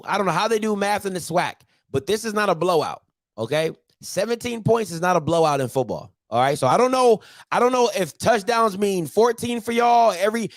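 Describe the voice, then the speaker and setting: A sports show host rants through a casual football recap, addressing his viewers directly. His voice is high-pitched, recorded at studio quality with no room sound.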